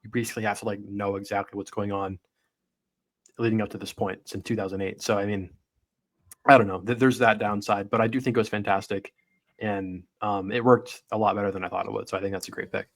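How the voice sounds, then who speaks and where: A man's voice: on the low side, flat delivery, quick pace. A man hosting a casual movie podcast, talking thoughtfully and hedging with many fillers. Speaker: podcast host.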